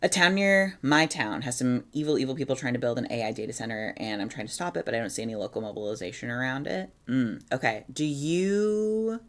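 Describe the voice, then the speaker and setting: A woman's voice: rumbling low, brisk, hardly any pauses. A woman chatting casually on a live stream, reading chat aloud and giving organizing tips with sarcastic asides. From Oregon, USA.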